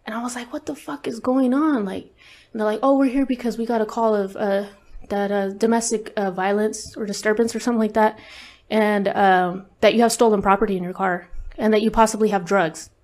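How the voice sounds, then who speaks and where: A woman's voice: medium pitch, steady tone, brisk, a little mellow. A woman speaking as an interview guest, telling a personal story in a casual, candid way, swearing often and leaning on fillers. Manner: candid, profane, lots of fillers.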